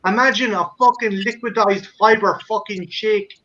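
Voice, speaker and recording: A man's voice: high-pitched, steady tone, moderate pace, bright, forceful tone. An Irish man from Ireland hosting a casual podcast chat, telling stories in a profane, ranting way. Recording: slightly muffled audio.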